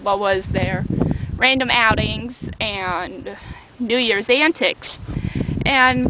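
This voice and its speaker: A woman's voice: mid-range voice, drawn-out words, heavy background noise. A young woman vlogging outdoors from a small boat on a lake, talking through a rambling, chatty rant into a handheld camera. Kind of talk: casual video rant.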